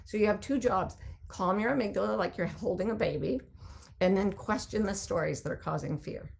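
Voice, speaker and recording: A woman host gives a conversational teaching talk that answers listener questions. Her voice carries a gravelly fry at mid pitch, and she explains in an animated way with vivid examples. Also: brisk.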